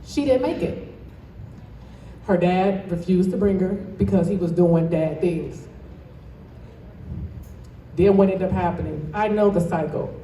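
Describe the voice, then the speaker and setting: A woman's voice: on the low side, a little slow, pauses often, dark tone, a little hiss or hum. A woman from Toledo, Ohio, giving a passionate, emphatic motivational speech as a guest speaker and addressing the crowd directly. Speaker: guest speaker and dance studio owner. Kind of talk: motivational speech to a live audience. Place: event hall, indoors. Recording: echoey hall from far off.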